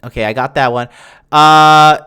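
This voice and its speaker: The voice is a man's, a little high, bright, forceful and clean, delivered at a measured pace. He's a young podcast host fielding listener questions, bragging crudely in a casual, meandering monologue riddled with fillers and false starts.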